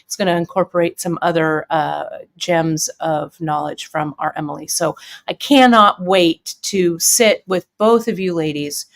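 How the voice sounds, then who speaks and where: A woman's voice: fairly low pitch, measured pace, hardly any pauses. A woman hosting a craft shop live stream, chatting casually with viewers, a little teary and sniffling, with lots of fillers and restarts. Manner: chatty and emotional, tearing up, many fillers.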